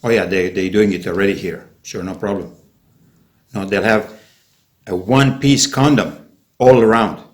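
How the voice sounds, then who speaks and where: A man's voice: fairly low pitch, normal speed, long pauses. A man vlogging in a rambling, sarcastic monologue, full of restarts and conspiratorial asides.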